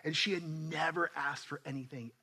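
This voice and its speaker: Bright-voiced man preaching a story sermon. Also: fairly high pitch, normal speed, breathy edge. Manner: conversational, animated storytelling with restarts. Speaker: pastor. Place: church.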